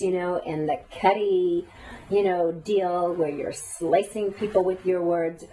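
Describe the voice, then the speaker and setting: Woman teacher, low and mellow, heard from afar. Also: fairly even intonation, unhurried, far from the mic, low-quality recording. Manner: earnest, talkative, guides breathing exercises. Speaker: meditation teacher. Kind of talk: spoken teaching to a class.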